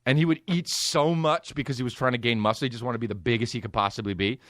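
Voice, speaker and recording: A man's voice: mid-range voice, fast, a bit bright, dry recording, clean studio sound. A man in his thirties hosting a podcast, telling a rambling, profane, laid-back comedic story. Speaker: podcast host.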